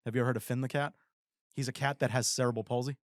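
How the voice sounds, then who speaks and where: A man's voice: medium pitch, rapid-fire, dry recording, studio quality. A man in his forties co-hosting a podcast, chatting casually and acting out quotes as he tells stories. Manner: rambling, animated storytelling with acted-out quotes. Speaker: podcast co-host. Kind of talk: casual chat.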